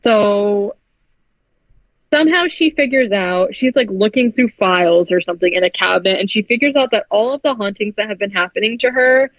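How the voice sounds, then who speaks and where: A woman's voice: mid-range voice, moderate pace, no echo. A woman co-hosting a podcast who recaps a movie in casual chat, talking with heavy "like" filler and frequent swearing. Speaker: podcast co-host. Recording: dry, dull lo-fi podcast audio.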